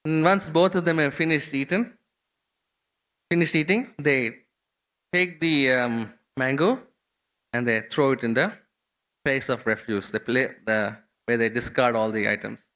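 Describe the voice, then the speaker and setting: A man's voice: medium pitch, a little slow, long pauses, a bit bright. A man giving a devotional scripture class in a temple, telling a story in a conversational way with many fillers and restarts.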